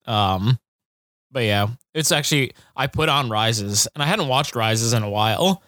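A man co-hosting a podcast in relaxed, rambling casual chat. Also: medium pitch, a little slow, no room sound, clean studio sound. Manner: laid-back, rambling, lots of fillers. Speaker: podcast co-host.

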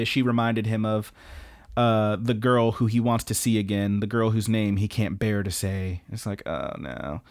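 A man's voice: mid-range voice, clear, resonant tone. A man co-hosting a podcast, casually recapping episodes in a rambling, profane way and laughing often. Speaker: podcast co-host.

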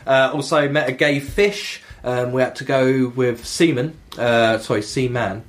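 A young man hosting a casual gaming podcast, telling stories in an animated way, swearing and laughing often. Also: medium pitch, measured pace. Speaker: podcast host. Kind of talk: casual podcast chat about video games.

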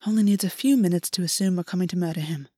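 A woman reading the lines of a weary young male fae who speaks with quiet urgency. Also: racing, no room sound, studio quality, lightly acted. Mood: wry. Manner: urgent, low-key and insistent. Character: weary young male fae, tense older brother type.

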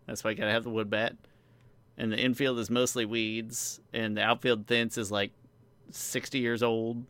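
A man's voice: mid-range voice, little pitch movement, normal speed, a bit bright, no echo. A man hosting a casual podcast chat, rambling and joking with his co-host. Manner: rambling, joking, self-deprecating asides.

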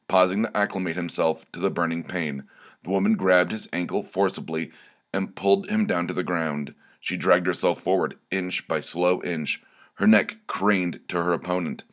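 Man reading dark comic short stories, very deep voice, deadpan, slow and deliberate, scripted narration.

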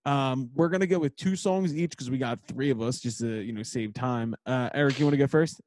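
A man's voice: medium pitch, a little fast. A young man co-hosting a podcast in casual chat, telling stories with acted-out quotes and lots of swearing. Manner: animated storyteller, acts out quotes, swears freely. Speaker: podcast co-host.

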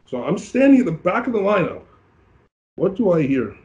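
A bodybuilding competitor from Canada in a casual interview, telling his story with animated acted-out quotes. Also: high voice, moderate pace, highs cut off.

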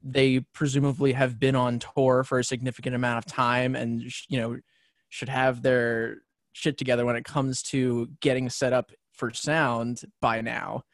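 A man co-hosting a casual chat, explaining things in a measured way with some restarts. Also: mid-range voice, level tone, dry recording. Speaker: podcast co-host, band member.

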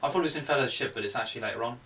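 A man's voice: mid-range voice, rapid-fire, distant mic, crowd noise, poor audio. A man explaining in earnest, detailed casual chat with friends.

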